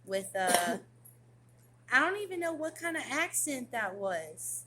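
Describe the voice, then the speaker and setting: Slow, bright-voiced woman vlogger. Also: fairly high pitch, slight background noise. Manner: rambling, slangy, excitable. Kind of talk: casual chat to camera.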